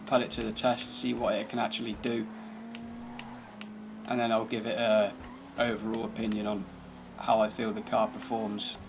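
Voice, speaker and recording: A man's voice: fairly low pitch, completely flat delivery, moderate pace, vocal fry, over music. A man giving casual, laid-back commentary over gameplay, thinking aloud as he drives and tests a car. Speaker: gaming channel host.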